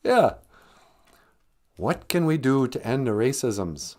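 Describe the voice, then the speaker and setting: A man's voice: mid-range voice, big pitch swings, measured pace, darkish tone. A middle-aged man, hosting a casual livestream podcast, joking with viewers and slipping into silly voices. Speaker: podcast host.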